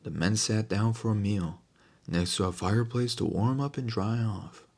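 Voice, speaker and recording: A man narrating a fantasy audiobook in a steady storytelling manner. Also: fairly low pitch, normal speed, vocal fry. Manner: steady storytelling, voices every figure.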